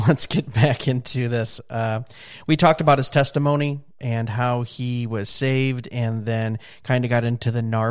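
A man's voice: medium pitch, clean tone, no room sound, clean studio sound. A man hosting a podcast, introducing the episode in a loose, chatty way with fillers and asides. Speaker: podcast host.

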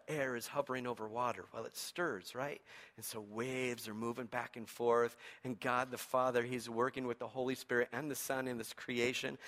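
A male pastor preaching a sermon with animated, humorous storytelling. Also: medium pitch.

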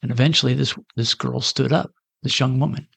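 A man's voice: mid-range voice, steady tone, brisk, vocal fry, fairly bright tone, slightly rough, dry recording. A man preaching, telling a story in a conversational way and acting out the voices of the people in it. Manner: conversational, acts out quoted voices. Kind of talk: sermon storytelling.

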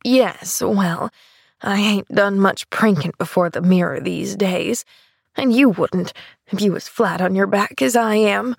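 A woman's voice: medium pitch, unhurried, vocal fry, slightly rough, no room sound. A woman reading the part of a bitter, grudging bedridden woman in her forties, sour and dry.

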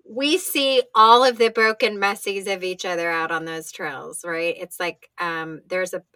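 A woman's voice: lowish voice, fairly even intonation, measured pace, bright, forceful tone, clean tone, dry recording. A woman hosting a casual chat, asking guests for fun stories. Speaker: host.

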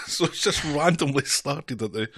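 A man's voice: on the high side, expressive, unhurried, fairly bright tone, husky, no room sound, clean studio sound. A man co-hosting a casual chat, asking wry, teasing questions about a cartoon. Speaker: podcast co-host.

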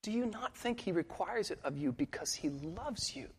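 A man pastor preaching a sermon with earnest intensity, dropping quiet and rising for emphasis. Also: high-pitched, expressive, normal speed, husky, in a large hall.

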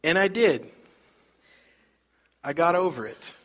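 A man's voice: on the high side, expressive, takes it slowly, fairly bright tone. A middle-aged man preaching a sermon, telling a story conversationally and putting rhetorical questions to the congregation. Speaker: pastor.

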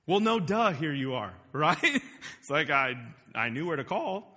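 Male pastor, high bright voice, casual and animated, shouts for emphasis, reverberant hall. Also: unhurried. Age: adult parent. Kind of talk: sermon. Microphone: wearing a microphone.

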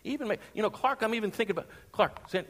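A man preaches from the pulpit, his voice sitting a bit high. He keeps turning to the congregation with questions. Long reverb from the sanctuary trails each phrase. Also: fast talker. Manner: animated, rhetorical questions to the congregation. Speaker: pastor. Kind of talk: sermon. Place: church sanctuary.

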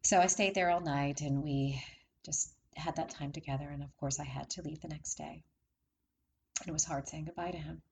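A woman's voice: low-pitched, fairly even intonation, normal speed, vocal fry, slightly rough. A middle-aged woman telling a heartfelt personal story in a chatty way, laughing often between lines. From from Maryland area.

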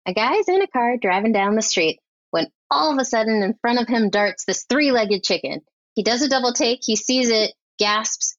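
A woman's voice: medium pitch, dry recording. A young adult woman, a film editor guest, telling stories in a casual, chatty podcast interview full of fillers. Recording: slightly dull lo-fi audio.

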